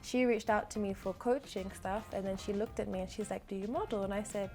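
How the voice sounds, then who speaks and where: A woman's voice: mid-range voice, fairly even intonation, brisk, dark tone, soft background music. A young woman from Zambia, an actress and model, chatting casually as an interview guest with light humour and frequent laughs.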